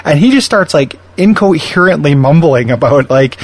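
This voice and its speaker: A man's voice: fairly high pitch, animated. Wry man in casual podcast chat. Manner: wry, quick asides with put-on character voices. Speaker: podcast co-host. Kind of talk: casual chat reviewing a cartoon.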